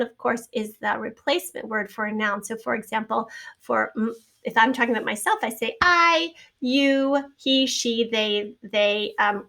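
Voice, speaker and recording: A woman's voice: a little high, fairly bright tone. A woman teacher giving a patient, step-by-step recorded spelling lesson and spelling out letters.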